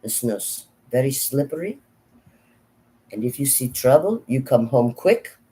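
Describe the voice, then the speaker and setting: A woman's voice: extremely low pitch, expressive, a little slow, mellow. A woman voicing a stern, protective old grandmother with a thick Slavic accent and broken English, scolding and insistent. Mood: stern warning. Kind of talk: impersonation in a vlog.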